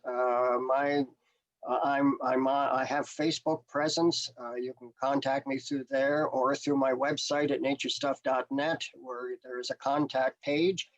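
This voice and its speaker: An older man speaks in a casual interview over a video call. He is a naturalist guest who rambles, hesitating and circling back with plenty of fillers. His voice sits at an ordinary middle pitch. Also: poor audio.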